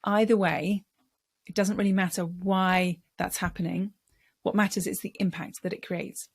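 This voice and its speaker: A woman's voice: medium pitch, flat delivery, moderate pace, creaky, husky, dry recording. A middle-aged woman speaking coach giving a patient, explanatory lesson on how the voice works and demonstrating vocal sounds. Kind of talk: instructional talk to camera.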